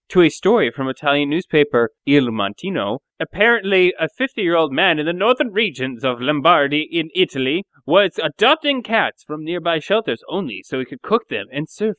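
A man's voice: on the high side, sing-song, moderate pace, hardly any pauses, fairly bright tone, no echo. A young man co-hosting a podcast in casual chat, rambling with restarts. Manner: rambling, many restarts and laughs. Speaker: podcast co-host.

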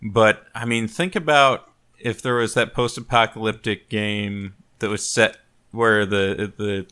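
A man's voice: on the low side, steady tone, unhurried, pushed and bright, smooth. A man hosting a casual podcast chat, chatty and jokey. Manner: chatty, jokey, playful put-on voices. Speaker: podcast host.

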